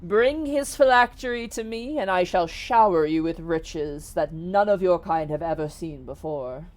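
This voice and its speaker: A woman's voice: lowish voice, lively intonation, a little slow, a little mellow. A woman voicing a wealthy, smug male earth genie who talks like a grandiose salesman in a tabletop game. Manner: pompous, grandiose salesman talk.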